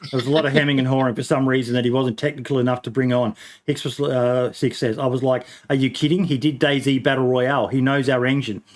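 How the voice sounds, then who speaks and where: A man's voice: mid-range voice, fairly even intonation, fast. A man hosting a casual gaming podcast, talking in long rambling stretches full of ums and false starts. His voice sits in an ordinary middle register, and he swears offhandedly. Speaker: podcast host.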